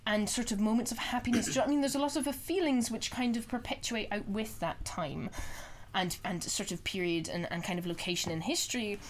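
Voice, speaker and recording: A woman's voice: mid-range voice, a little fast, slight background noise. A young woman co-hosting a podcast, chatting casually about films in a rambling way full of fillers. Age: young adult. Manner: rambling, full of "sort of" and "kind of". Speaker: podcast co-host. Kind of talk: casual film discussion.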